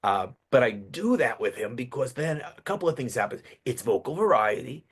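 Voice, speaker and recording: A man, a public speaking coach, talks as a guest in a podcast interview, telling animated stories with quick restarts. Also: medium pitch, slightly rough.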